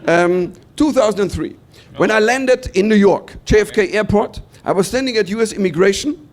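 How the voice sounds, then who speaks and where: A German man from Bavaria with a German accent, doing stand-up comedy as an animated storyteller who acts out other people's lines. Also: high voice, normal speed.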